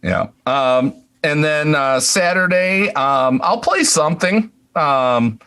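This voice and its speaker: A man's voice: a little high, expressive, slow, sharp tone, clear, resonant tone. A man co-hosting a podcast in casual chat, easygoing, laughing often and steering the segments. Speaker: podcast co-host.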